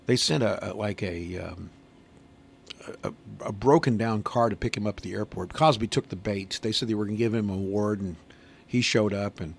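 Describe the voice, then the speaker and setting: Man, radio host, gravelly, lowish voice, easygoing chat, faint background noise. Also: moderate pace. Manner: conversational, easygoing.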